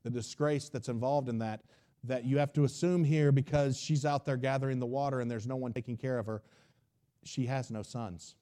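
Folksy preacher, mellow voice. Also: male voice, medium pitch, steady tone, normal speed. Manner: retells the story in a folksy, conversational way and acts out its dialogue. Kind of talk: sermon.

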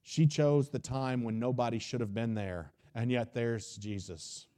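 A man's voice: mid-range voice, fairly even intonation, unhurried, mellow. A man preaching a sermon, retelling a Bible story in a folksy, conversational way.

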